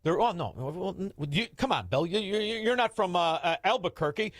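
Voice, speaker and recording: Man, radio host, high and lively delivery, brash and mocking, dry studio sound. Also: a little fast, dry recording. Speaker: radio talk show host. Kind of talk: call-in talk radio.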